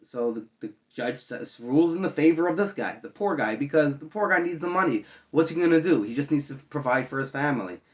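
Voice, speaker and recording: A man's voice: on the high side, lively intonation, fairly quick, few pauses. A man arguing his views in a casual, rambling monologue to his viewers, with frequent fillers and restarts. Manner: conversational, argumentative, many fillers and restarts. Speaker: online commentator.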